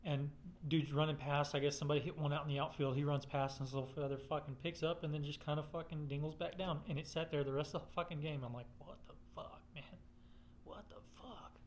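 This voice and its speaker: A man tells a loose, rambling story from his own life, swearing constantly along the way. His voice sits a little higher than most men's. Faint noise hums behind him. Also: fairly even intonation, quick pace, hardly any pauses. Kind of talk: casual personal storytelling.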